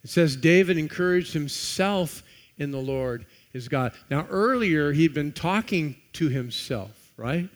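A man preaching a sermon, reading scripture aloud and swinging between loud emphasis and hushed, quiet passages. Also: fairly high pitch, expressive, measured pace. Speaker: pastor.

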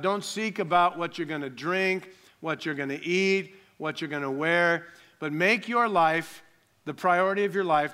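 A man's voice: fairly high pitch, sharp tone, clear, resonant tone. A man preaching a sermon, emphatic, repeating key lines and calling for audience responses. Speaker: pastor.

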